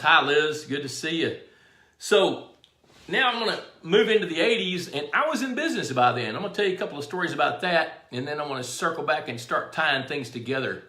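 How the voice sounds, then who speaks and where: A middle-aged man hosts a live stream in an easy, folksy storytelling way. His voice sits a little high and sounds bright and forward. The room around him rings with echo. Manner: folksy storyteller, greets viewers by name. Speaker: show host. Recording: echoey room.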